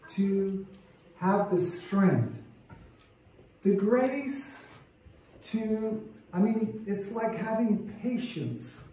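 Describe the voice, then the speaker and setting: A man preaching a sermon in a church, slow and emphatic, building to fervent peaks. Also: sits high, dark tone. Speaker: church speaker. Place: church sanctuary. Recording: echoey church room heard from a distance.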